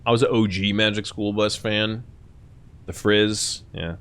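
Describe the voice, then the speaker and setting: At a measured pace and with a clean tone, a young man hosting a stream talks loosely with his chat, profane and animated, often lapsing into shrill mock voices.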